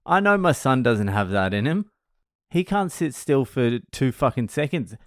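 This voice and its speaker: A man's voice: medium pitch, big pitch swings, moderate pace, no echo, clean studio sound. A man, hosting a show and telling funny stories in a casual, profane, joking way. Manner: profane, joking, laughs at his own stories. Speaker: podcast host answering questions. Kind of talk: casual storytelling monologue.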